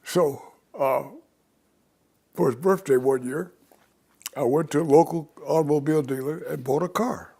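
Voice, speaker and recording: A man's voice: fairly high pitch, moderate pace, vocal fry, pauses often, mellow, slightly rough. An older man, a guest in an interview, telling long, rambling stories from his life and acting out the voices of the people in them. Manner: rambling anecdotal storyteller who acts out quoted voices. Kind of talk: storytelling in an interview.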